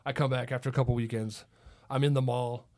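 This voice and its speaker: A man's voice: mid-range voice, flat delivery, fast talker, warm tone. A middle-aged man hosting a podcast, telling a rambling story with lots of laughs and "it's like.". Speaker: podcast host. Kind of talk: casual storytelling chat.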